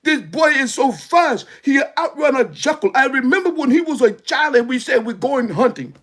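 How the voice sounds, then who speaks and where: A man's voice: very high voice, animated, moderate pace, fairly bright tone, exaggerated voice. A male preacher voicing a haughty old Egyptian courtier in a stiff, formal, pompous manner.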